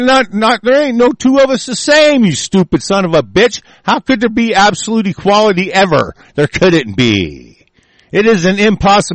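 A man's voice: high voice, no room sound. A man from the United States in an angry, profane political rant, full of threats. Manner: furious, profane, shouting threats.

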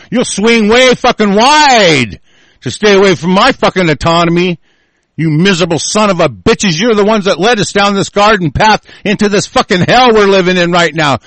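A man with a high-pitched voice rants in an angry monologue, swearing constantly and challenging his listener. The sound is dry and close, with no room around it. His tone stays combative and relentless throughout. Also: fairly bright tone, dry recording. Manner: profane, combative, ranting.

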